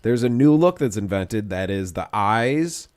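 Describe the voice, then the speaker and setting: A man's voice: lowish voice, animated, measured pace, clean tone. A man co-hosting a casual podcast chat, rambling and swearing freely. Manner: profane, rambling, acts out quoted voices. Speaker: podcast co-host.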